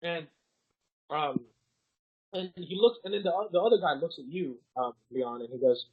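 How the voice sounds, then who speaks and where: A young man with a somewhat high, husky voice guides a tabletop game as dungeon master. He talks his way through the scene in a loose, rambling manner, full of ums and uhs, and the recording sounds dull and lo-fi. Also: moderate pace. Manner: rambling narration with many fillers. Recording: dull lo-fi podcast audio.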